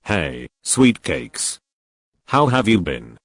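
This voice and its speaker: Smirking, taunting young thug, low voice, dry sound, read by a man. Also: big pitch swings, normal speed, dry recording. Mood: sneering. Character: sneering arrogant young male gang thug.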